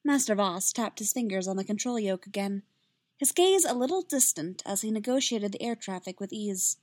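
A woman reads a story aloud in a steady, measured voice. Her pitch sits in a middle range. The recording is dry, with no room sound. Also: no echo. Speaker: reader. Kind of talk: reading fan fiction aloud.

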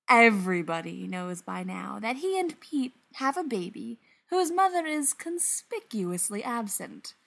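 A woman narrating a story in an expressive, animated reading voice. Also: mid-range voice, gravelly.

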